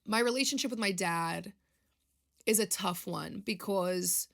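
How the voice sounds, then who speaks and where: Unhurried and gravelly yet fairly bright, a young woman's medium-pitched voice carries her casual solo podcast chat. She hosts from Long Island, New York, rambling in a confessional, emotional manner.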